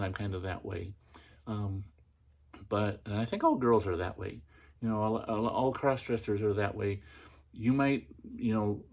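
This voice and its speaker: A man's voice: fairly low pitch, darkish tone. A middle-aged man hosting a podcast, telling a personal story in a casual, chatty way with many fillers and restarts. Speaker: podcast host.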